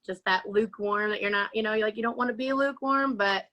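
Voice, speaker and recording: A woman, telling her life story as an interview guest, animated and acting out quotes with frequent laughter. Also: medium pitch, quick pace, poor audio. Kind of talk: personal testimony.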